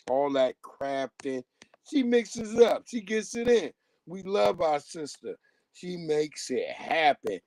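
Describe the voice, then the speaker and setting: A man's voice: medium pitch, a little mellow, dry recording. A man hosting a streamed show, signing off in a loose, profane, laughing way. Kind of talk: casual sign-off chat.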